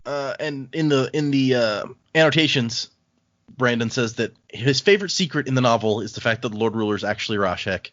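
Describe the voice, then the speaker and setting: A man's voice: medium pitch, brisk, no echo. A man hosting a casual book podcast, recapping the plot at an easy pace and reading passages aloud. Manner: relaxed, recaps the plot and reads quotes aloud. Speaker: podcast host. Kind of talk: casual book-club chat. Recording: dull, dry home podcast mic.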